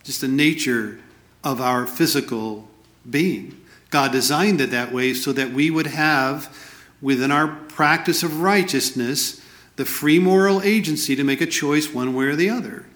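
A man's voice: on the high side, a little slow, a bit bright, roomy sound. A man preaching a sermon, earnest and explanatory, reading scripture aloud between his own comments.

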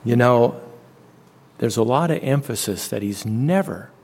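A man preaching a sermon, slow and deliberate, leaning on repeated phrases for emphasis. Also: mid-range voice, expressive, gravelly, a little mellow, slightly rough. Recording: long reverb.

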